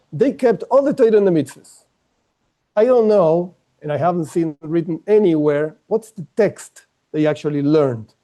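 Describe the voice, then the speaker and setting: A man gives a class in a high, soft, mellow voice. He explains patiently, circling back and rephrasing as he builds his point. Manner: explains step by step with frequent restarts and rephrasings. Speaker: teacher. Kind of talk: online class lecture.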